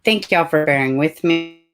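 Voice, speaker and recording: Low-voiced Tennessee woman livestream host. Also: unhurried, a bit bright, clean tone, soft background music. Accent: Tennessee Southern US. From Tennessee, USA. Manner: chatty, frequent asides and self-corrections. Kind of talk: casual livestream talk, reading news aloud.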